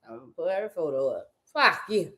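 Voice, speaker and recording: A woman's voice: on the low side, fairly quick. A woman ranting in a casual monologue, cursing freely and repeating her phrases over and over. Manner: animated, profane, repeats phrases, talks in circles.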